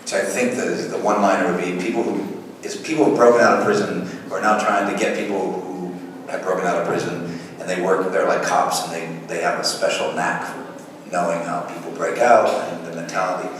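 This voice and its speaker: A man's voice: deep voice, fairly quick. Man telling stories in an echoey hall. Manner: lively anecdotal, chuckles often, acts out voices. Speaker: guest actor at fan Q&A. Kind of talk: storytelling answers to fan questions. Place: large convention hall. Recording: echoey hall taped from far off, faint noise.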